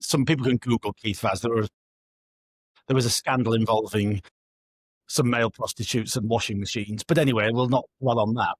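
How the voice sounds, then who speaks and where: A man's voice: mid-range voice, steady tone, fairly quick, no echo. Wry rambling man on a video call. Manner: self-mocking, rambling and wry. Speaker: podcast co-host, former MP. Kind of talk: casual chat. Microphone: remote video call.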